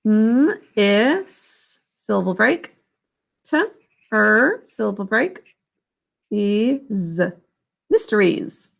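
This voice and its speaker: A woman teaching a children's spelling lesson, sounding out words letter by letter and syllable by syllable in a slow, patient way. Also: medium pitch, expressive, creaky, fairly bright tone. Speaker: literacy teacher.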